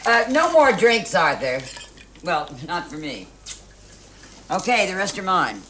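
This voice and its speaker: An actress playing a wealthy middle-aged hostess who rambles with fillers. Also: female voice, lowish voice, very animated, measured pace, a bit bright, slight background noise. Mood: tired. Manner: chatty, rambling with many fillers.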